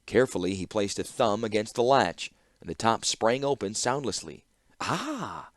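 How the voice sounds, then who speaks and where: A man narrating a fantasy audiobook with expressive storytelling. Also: on the low side, normal speed, no echo, clean studio sound. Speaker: audiobook reader.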